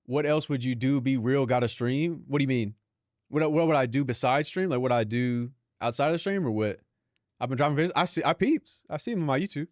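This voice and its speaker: A man's voice: mid-range voice, brisk, no room sound, clean studio sound. A young Filipino man, a live streamer, chatting casually and profanely with his viewers, laughing often. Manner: loose, profane, laughing banter with chat.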